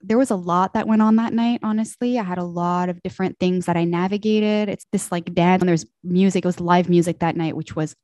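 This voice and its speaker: Lowish woman telling a story, dry sound. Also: a little fast, hardly any pauses, no room sound. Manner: animated, acts out quoted voices. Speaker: podcast guest. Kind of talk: casual storytelling chat.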